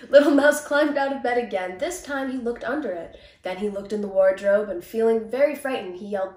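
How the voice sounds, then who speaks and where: A woman actor reading a children's picture book aloud with gentle, expressive storytelling. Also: mid-range voice, moderate pace, hardly any pauses. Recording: roomy, distant mic.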